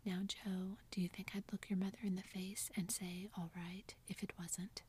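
A woman's voice: medium pitch, level tone, moderate pace, a little mellow, slight background noise, close to an everyday voice. A woman voicing a playful, teasing tall young man in a whispered role-play, with theatrical banter.

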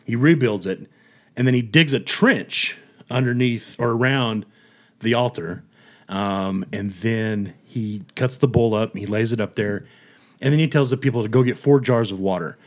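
A man casually retelling a story on a podcast, animated, chuckling and acting out quotes. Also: medium pitch, normal speed. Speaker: podcast host.

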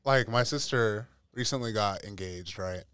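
A man's voice: lowish voice, normal speed, clean tone, dry recording, studio quality. A young man, a podcast guest, chatting casually and acting out his family's voices while he tells stories. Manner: animated storyteller, acts out family voices. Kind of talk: casual chat.

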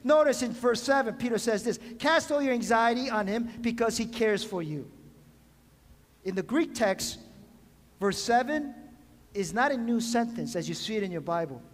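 High pitched guy preaching a sermon, throws questions at the crowd, echoey church sound. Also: expressive, moderate pace. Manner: preaching with call-and-response questions. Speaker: pastor. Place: church sanctuary. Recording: long hall reverb.

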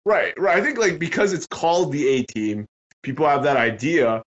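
Male podcast co-host, upbeat and crude, higher voice, slightly muffled. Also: moderate pace. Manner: enthusiastic, swears, laughs often. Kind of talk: casual chat. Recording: slightly dull audio.

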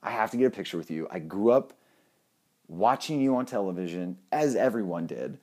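Low-voiced animated man telling a story. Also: brisk. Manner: animated, joking, swears casually. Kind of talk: casual storytime monologue.

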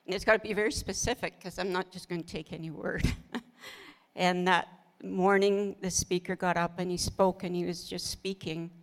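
A woman's voice: fairly low pitch, fairly even intonation, normal speed. Middle-aged woman, earnest storyteller, laughs often, ministry talk. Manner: earnest storytelling, laughs often, quotes her own prayers. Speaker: pastor's wife, co-host.

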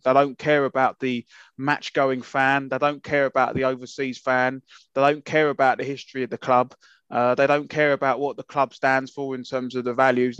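A man's voice: medium pitch, a bit bright, clean tone, no echo. A man co-hosting a casual podcast, talking in an impassioned, emphatic way with many fillers and restarts. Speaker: podcast co-host. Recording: muffled lo-fi, dry sound.

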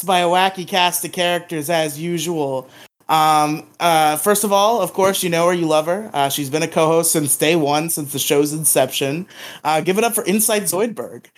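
A man's voice: on the high side, normal speed. A man hosting a podcast in casual chat, joking and laughing often. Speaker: podcast host.

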